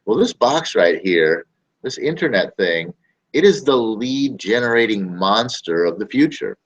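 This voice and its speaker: A man's voice: fairly low pitch, expressive, measured pace, slightly rough, dull audio. A man hosting a casual talk to camera, rambling and emphatic, often repeating his phrases. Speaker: show host.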